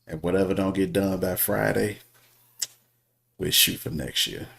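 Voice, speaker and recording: A man's voice: deep voice, steady tone, measured pace, gravelly, fairly bright tone, husky. A man co-hosting a casual chat among friends, dry and terse. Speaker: podcast co-host.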